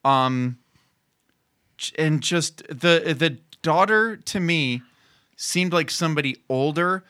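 Mid pitch, bright tone, rambling, halting restarts, casual podcast co-host. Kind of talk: casual chat reviewing a TV episode.

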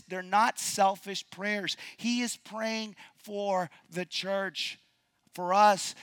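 A man pastor preaching a sermon to his church. He stresses key words by repeating them and moves between quiet, slow lines and loud, raised passages. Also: fairly high pitch, no echo. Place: church sanctuary.

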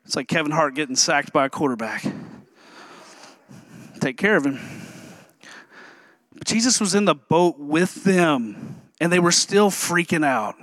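A man pastor preaching a sermon in a lively, humorous way, joking with the congregation between points. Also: fairly high pitch, unhurried, pauses often, dry recording.

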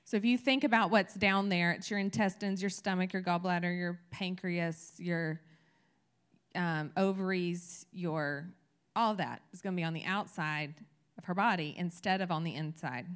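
A woman's voice: lowish voice, moderate pace, smooth. Candid woman preaching a chatty sermon. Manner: candid, chatty, emphatic with rising energy. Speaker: church teacher. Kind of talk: conversational sermon.

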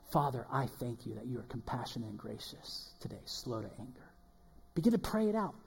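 A man preaching a sermon as pastor, swinging between loud emphatic lines and hushed ones. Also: high voice. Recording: long hall reverb.

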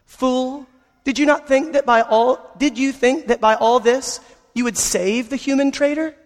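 A cruel witch queen taunting her captive in a quivering, raised voice, as a preacher puts her on. The storybook reading rings with a long hall echo. She sounds higher than his own speaking voice. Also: unhurried. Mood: gloating.

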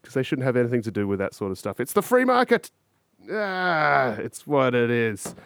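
A man's voice: medium pitch, sing-song, normal speed, gravelly, a bit bright, smooth, no room sound, clean studio sound. A man hosting a podcast, musing aloud in a rambling, profane casual monologue and putting questions to his listeners. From Australia. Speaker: podcast host.

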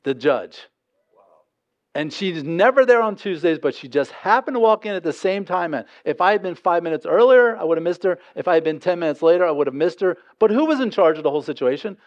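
A man's voice: high-pitched, animated, brisk, highs cut off. A male pastor giving a sermon in a conversational style, asking the congregation rhetorical questions and answering them himself.

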